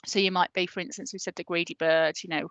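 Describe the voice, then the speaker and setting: A primary school teacher giving a chatty, encouraging recorded lesson for parents. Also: female voice, on the low side, steady tone, fast, a bit bright, no echo, low-quality recording. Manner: chatty and encouraging, many fillers.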